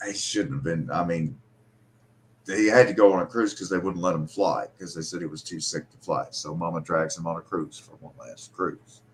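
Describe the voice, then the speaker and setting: Middle-aged man, low voice, casual profane storytelling, bitter and emotional. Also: moderate pace, slight background noise. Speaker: host. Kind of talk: casual storytelling on a live stream.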